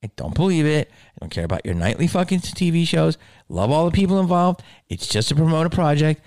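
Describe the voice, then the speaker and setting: A man's voice: fairly high pitch, very animated, brisk, no room sound, clean studio sound. A man doing a profane, emphatic stand-up rant about his schooling and distrust. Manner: profane, emphatic, rising to shouted rants.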